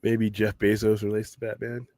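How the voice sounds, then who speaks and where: A man's voice: fairly low pitch, monotone, moderate pace, darkish tone, no room sound. A man hosting a late-night geek talk show, rambling casually with strong opinions, frequent restarts and some swearing. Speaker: podcast host.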